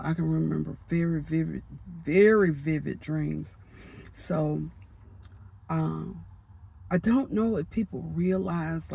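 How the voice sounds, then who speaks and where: A woman giving a personal spiritual testimony, talking in a halting way and repeating phrases as she goes. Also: low voice, creaky, mellow, husky. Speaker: vlogger.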